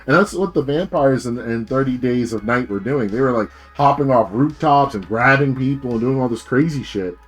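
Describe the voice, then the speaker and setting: A man's voice: mid-range voice, normal speed, few pauses, faint music behind. A man streaming as a VTuber, rambling in a casual rant full of fillers and swearing.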